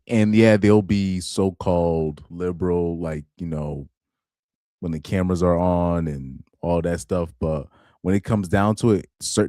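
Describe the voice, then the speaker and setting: Brief: male streamer, deep voice, dry close recording, halting live commentary with repeated words. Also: warm tone, no echo. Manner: halting, repeats words, reads quotes aloud.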